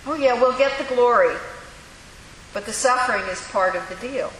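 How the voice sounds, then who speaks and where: A woman preaching a sermon in a church, telling the story with lively, acted-out voices. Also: fairly high pitch, moderate pace. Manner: animated storytelling, acting out voices. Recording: echoey hall with faint hiss.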